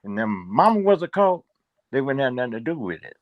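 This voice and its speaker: A man's voice: medium pitch, very animated, fairly quick, no echo, phone-quality sound. An older man, a guest in a casual interview, rambling and repeating words with plenty of fillers.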